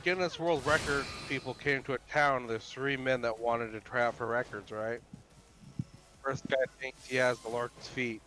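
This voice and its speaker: A man on a game stream telling crude jokes in a deadpan delivery, swearing freely. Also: medium pitch, moderate pace, background noise. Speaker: friend on the stream.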